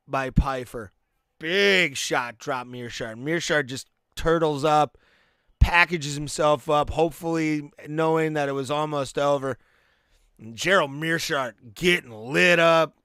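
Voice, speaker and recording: A man's voice: on the high side, sharp tone, clean tone, no room sound, clean studio sound. A man hosting a live stream, giving laid-back play-by-play and reactions to fights, with fillers and restarts. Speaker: podcast host.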